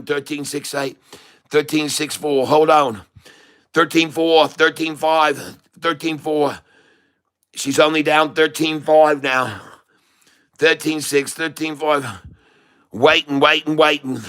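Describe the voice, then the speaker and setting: A middle-aged man calls out buy and sell orders live, pushing his viewers with repeated urgings. His voice is bright and sharp, with a smooth, clear tone. He sometimes slips into a jokey foreign accent to keep things lively. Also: on the high side, takes it slowly. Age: middle-aged or older. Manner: puts on a playful foreign accent to mix things up; repetitive, hype-style urging to buy and sell. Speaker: day trader and channel host. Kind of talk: live trading commentary.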